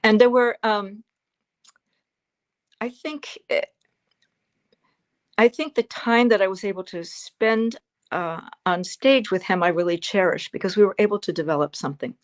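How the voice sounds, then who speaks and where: A woman's voice: mid-range voice, normal speed, long pauses. A woman over seventy, an actor as guest in an interview, telling stories expressively with emphatic repetitions. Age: 70s.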